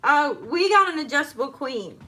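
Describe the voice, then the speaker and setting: A woman's voice: high-pitched, very animated, moderate pace, bright, forceful tone. A woman in her home kitchen chatting casually and rambling as she chops and cooks. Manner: chatty and rambling, talking while chopping and cooking. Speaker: homemaker vlogger. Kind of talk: casual chat while cooking.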